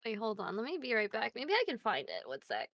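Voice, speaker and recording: High, lively woman teasing on stream. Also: brisk, creaky, no room sound, clean studio sound. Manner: playful and teasing, very lively intonation. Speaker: stream co-host. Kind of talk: casual livestream chat.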